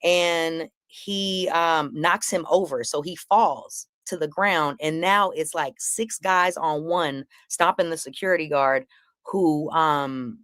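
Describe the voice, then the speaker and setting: Woman comedian, lowish voice, dry close sound, animated storyteller who performs every quote. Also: takes it slowly, no room sound. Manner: acts out quotes with big pitch jumps, swearing freely. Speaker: comedian guest telling a story. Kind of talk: animated storytelling on a live panel.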